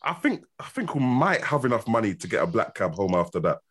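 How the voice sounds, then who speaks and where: A young man, a podcast guest chatting in a relaxed, slangy way and agreeing readily. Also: on the low side, brisk, slightly rough. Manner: laid-back, slangy, agrees a lot. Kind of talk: casual chat.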